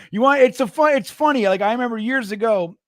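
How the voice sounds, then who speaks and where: A man from New Jersey hosting a casual sports livestream, a loud, excitable storyteller who laughs often. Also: very high voice, normal speed, no room sound, studio quality. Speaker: podcast host.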